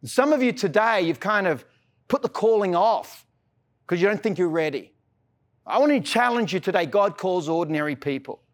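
A man's voice: high voice, expressive, normal speed. An Australian man preaching a sermon as a pastor, earnest and casual, often repeating words as he starts a phrase. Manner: mixes in casual slang.

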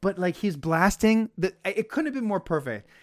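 A man hosting a casual podcast, reading listener mail and chatting in an animated, profane way, often laughing mid-sentence. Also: sits high, moderate pace, no echo, studio quality. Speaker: podcast host.

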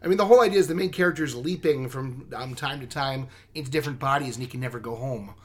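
A man's voice: medium pitch, fast. Earnest, enthusiastic man on a podcast. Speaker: podcast co-host. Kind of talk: casual chat.

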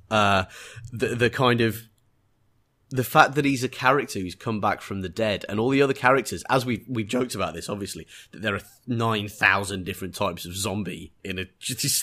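A man's voice: on the low side, a bit bright. A man with an English accent chatting on a podcast about a TV episode, enthusiastic and reflective, often searching for his words. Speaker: podcast co-host. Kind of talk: casual chat reviewing a TV episode.

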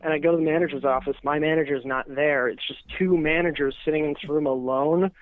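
Animated, profane man on a muffled podcast. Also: on the high side, fast talker, dry recording. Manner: animated, profane, laughs often at his own stories. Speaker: stand-up comedian guest. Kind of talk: casual podcast storytelling.

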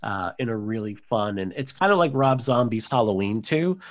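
A man's voice: on the low side, animated, moderate pace. A man co-hosting a podcast, rambling casually about horror movies with many fillers. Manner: rambling, lots of "like" and "um". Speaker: podcast co-host.

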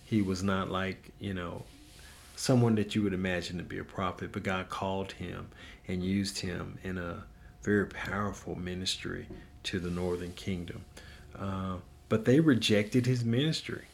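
A man preaching a Bible teaching in a low, gravelly voice. He speaks in an earnest, encouraging way and often stops to restart a thought. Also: steady tone, moderate pace, a little hiss or hum. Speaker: pastor.

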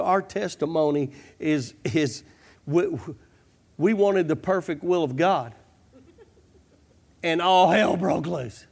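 Fervent preacher, male, high-pitched voice with an unhurried delivery, sermon pacing. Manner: fervent, repeats "come on" and "I'm telling you". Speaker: pastor.

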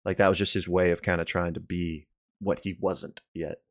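A man with a very deep voice, explaining points in a measured, slightly hesitant way during a relaxed chat. He often stops to search for the right words. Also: no echo, clean studio sound. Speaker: podcast co-host. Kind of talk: casual chat about a show.

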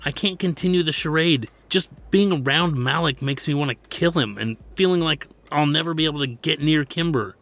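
A man's voice: a little high, normal speed, hardly any pauses, a bit bright, pitched above the performer's own voice. A man voicing a hot-tempered, lovesick young man, speaking with frustration. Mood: heated. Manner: heated, frustrated.

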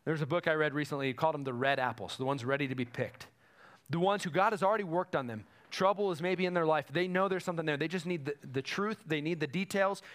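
A man's voice: a little high, fast, a bit bright. A male pastor preaching a sermon with emphatic, repetitive phrasing.

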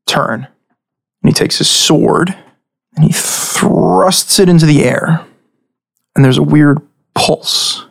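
A game master narrates a fantasy battle and gives rulings at a quick clip. He is a man, and his voice sits at a middling pitch. His delivery is loose and lively. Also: gravelly.

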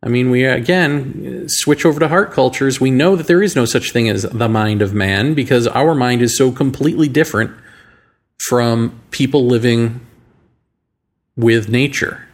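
A man hosting a show, talking through ideas in a musing monologue full of rhetorical questions and slow, deliberate phrasing. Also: medium pitch. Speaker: podcast host. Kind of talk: reflective monologue.

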